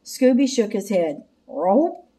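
A woman reading a children's picture book aloud in slow, clear narration. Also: mid-range voice, expressive, a little mellow. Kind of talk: storybook read-aloud.

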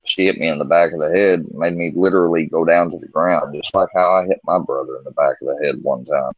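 Deep-voiced man telling a candid story. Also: fairly even intonation, fast, no room sound. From Missouri. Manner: candid, rambling, with many restarts and quoted dialogue. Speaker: guest telling a personal story. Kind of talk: casual storytelling on a livestream. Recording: dull lo-fi stream audio.

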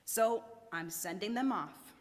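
A woman's voice: mid-range voice, animated, measured pace, a bit bright, long reverb tail. A woman voicing a small, grumpy male forest creature who scolds indignantly in a raised voice, read aloud from a storybook. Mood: grumbling.

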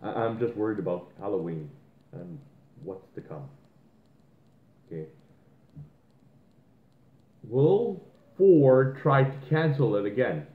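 A man's voice: on the low side, lively intonation, slow, long pauses. A man co-hosting a podcast, ranting in a heated, profane way and mocking the people he quotes. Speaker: podcast co-host. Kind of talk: ranting casual podcast talk. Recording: tinny phone-like line in an echoey room.

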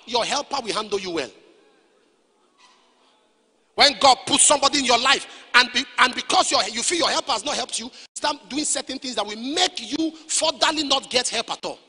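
A man preaching a sermon, acting out quotes and rising into shouts. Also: extremely high pitch, expressive, fairly quick, breathy edge. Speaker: pastor. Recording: long hall reverb.

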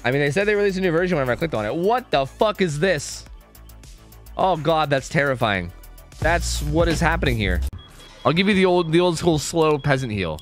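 A man streams a game with casual, excitable commentary, joking around and swearing a lot as he plays. His voice sits on the high side and is brisk, with soft background music.

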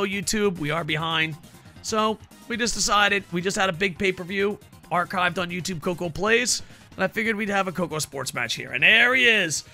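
Streamer guy, high and gravelly, bright edge, game music under him, playful announcer bits. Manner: playful, ring-announcer flourishes, talks to chat. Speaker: streamer commenting on a wrestling video game. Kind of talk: casual live-stream commentary.

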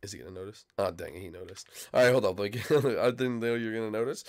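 A man with a cold hosting excitable, rambling gameplay commentary. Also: lowish voice, quick pace. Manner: excitable, rambling, shouts out to friends. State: sick, coughing. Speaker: YouTube gaming host.

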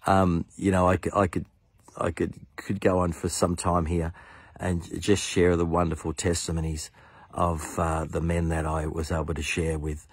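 Deep raspy aussie pastor guy telling his story, really earnest, dry close sound. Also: level tone, normal speed, no echo. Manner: earnest, enthusiastic, acts out quoted voices. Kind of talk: personal testimony storytelling.

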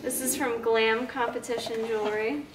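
Over a noisy background, a twenty-something woman with a fairly high, fairly even voice vlogs at a moderate pace. She's a fitness vlogger chatting upbeat to her handheld camera on errands, from car to gym to home, often saying "like."

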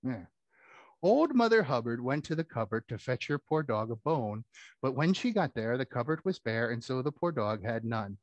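A man's voice: mid-range voice, sing-song, moderate pace, no room sound, muffled recording. A man performing a children's puppet show, telling rhymes in a playful, theatrical way. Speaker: puppeteer and storyteller.

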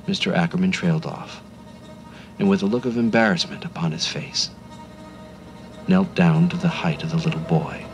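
Gentle low-voiced male storyteller. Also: fairly even intonation, moderate pace, long pauses, faint music behind, rough recording. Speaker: narrator. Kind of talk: scripted storybook narration.

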